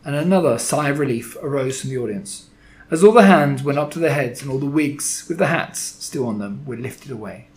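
A man narrating a children's story, with a dramatic, expressive delivery. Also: mid-range voice, brisk. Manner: dramatic, expressive reading with shifting loudness.

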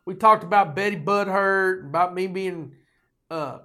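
A man's voice: high-pitched, a little slow, sharp tone. An older man with a drawl hosting his own show, telling rambling, profane stories with folksy joking asides. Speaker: podcast host. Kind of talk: rambling storytelling monologue.

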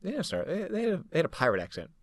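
A man's voice: a little high, huge pitch swings, very fast, no room sound, studio quality. A man co-hosting a podcast in casual chat, full of joking, teasing banter. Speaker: podcast co-host.

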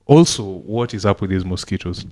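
Playful rambling podcast host, dry close sound. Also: male voice, low-pitched, normal speed, no echo. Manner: playful, rambling, repeats words when excited. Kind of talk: casual chat.

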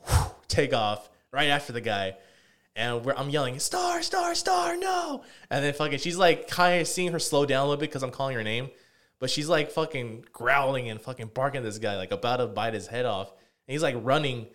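A man's voice: medium pitch, quick pace, a bit bright. A man co-hosting a podcast, telling a rambling story in casual chat with lots of fillers and swearing. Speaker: podcast co-host.

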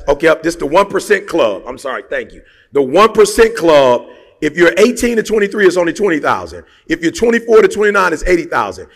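High, gravelly man preaching with emphasis. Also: a bit bright. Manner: emphatic, fires rhetorical questions; slangy and conversational. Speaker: motivational speaker. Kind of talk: motivational talk to an audience. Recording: long hall reverb.

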